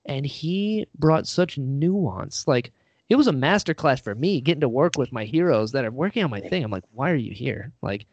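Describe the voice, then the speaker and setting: A man's voice: fairly high pitch, animated, moderate pace, muffled recording. A man, an actor and writer being interviewed, talking casually and rambling with lots of fillers, a little self-deprecating.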